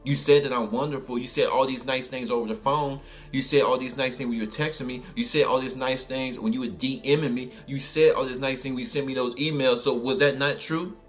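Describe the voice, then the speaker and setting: A man's voice: mid-range voice, steady tone, fairly quick, few pauses, faint music behind, natural voice. A man with a New Orleans accent voicing a brash young woman on a date who pushes and repeats herself insistently. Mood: indignant.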